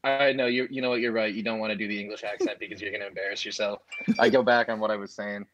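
A man's voice: lowish voice, steady tone, quick pace, a bit bright, muffled recording, a little hiss or hum. A man co-hosting a casual pop culture chat over a video call, joking and opinionated. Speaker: co-host.

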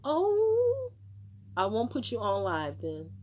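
A woman's voice: fairly high pitch, wildly swooping pitch, slow, darkish tone, slightly rough, lo-fi sound. A woman hosting a live stream, talking casually in a rambling, emphatic way with frequent swearing and restarts. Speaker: livestream host.

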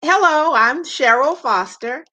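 A woman from Maryland, a visual artist, calmly explaining and presenting her prints on a livestream. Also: sits high, unhurried. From Maryland, USA.

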